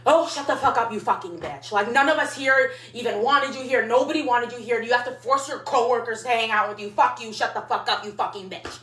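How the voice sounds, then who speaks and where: A woman acting out a drunk young woman friend who curses and yells insults at her in a storytime retelling. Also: on the high side, a little fast, few pauses, roomy sound, natural voice. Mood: furious. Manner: cursing, yelling insults.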